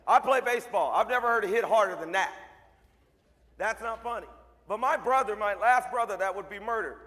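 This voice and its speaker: Male motivational speaker, high voice, emphatic, repetitive storytelling, school hall echo. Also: a little fast, fairly bright tone. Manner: emphatic, storytelling, repeats for effect. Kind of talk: speech to a school assembly. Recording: long hall reverb.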